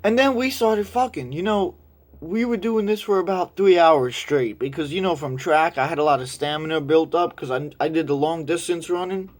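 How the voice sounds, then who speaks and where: A young man tells a story in a loose, rambling way, swearing freely. His voice sits fairly high for a man. He gets animated whenever he imitates the people in the story. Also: normal speed. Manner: crude, rambling, animated when quoting others. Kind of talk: casual storytelling.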